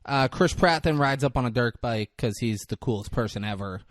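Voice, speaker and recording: A man's voice: mid-range voice, brisk, no echo, studio quality. A young man co-hosting a podcast, recapping a movie in casual chat, acting out lines with lots of swearing and laughter. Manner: animated storytelling, acts out lines, swears, laughs. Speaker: podcast co-host.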